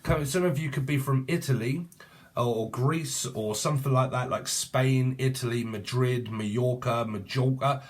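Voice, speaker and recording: British guy in his 40s doing a tarot reading, jokey and sweary, goes off on tangents, ordinary mid-pitched voice. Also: unhurried. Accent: British English. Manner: jokey, swearing, rambling, bursts into sing-song. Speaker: tarot reader. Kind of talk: rambling casual tarot reading.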